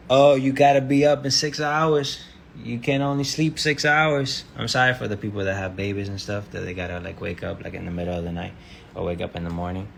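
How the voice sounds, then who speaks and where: Deep-voiced man rambling on a livestream. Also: vocal fry, a bit bright, slight background noise. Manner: rambling, loose slangy talk full of fillers. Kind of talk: casual livestream chat.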